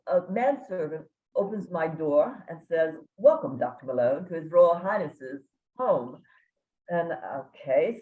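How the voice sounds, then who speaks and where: Older kentucky lady telling a funny story, low voice, echoey tinny sound. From Kentucky, USA. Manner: folksy, humorous storytelling with dramatic pauses. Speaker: guest speaker. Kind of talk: storytelling lecture.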